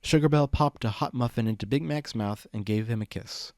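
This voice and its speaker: A man reading a fan fiction story aloud as narrator, in an even storytelling manner. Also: medium pitch, fairly quick, no echo, clean studio sound. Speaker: reader.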